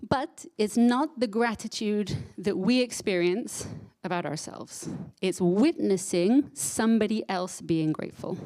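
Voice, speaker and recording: A woman's voice: mid-range voice, mellow. Woman speaker at a conference, chatty and heartfelt, keeps asking the room "right?". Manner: conversational, engages audience with frequent "right?"; emotional, self-described crier. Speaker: psychotherapist giving a talk. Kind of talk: live conference talk.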